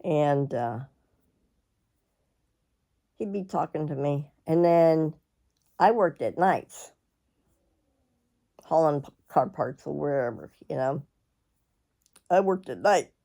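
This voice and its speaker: A middle-aged woman, telling a personal story in a rambling, halting way, often clearing her throat. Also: deep voice, animated, mellow. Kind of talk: casual storytelling.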